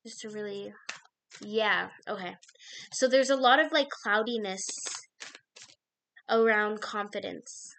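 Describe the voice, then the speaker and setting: A woman's voice: medium pitch, slow pace, vocal fry, long pauses, a bit bright, slight background noise. A woman doing an intuitive card reading to the viewer, in a meandering way full of fillers, often losing her thread and restarting. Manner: meandering, filler-heavy, self-interrupting.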